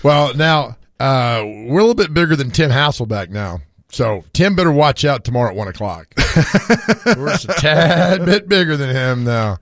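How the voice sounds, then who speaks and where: A man's voice: medium pitch, animated, normal speed, a bit bright, no echo, clean studio sound. A man co-hosting a sports radio show, telling stories with frequent laughter, his voice worn from screaming. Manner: storytelling, laughs often. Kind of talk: casual sports radio chat.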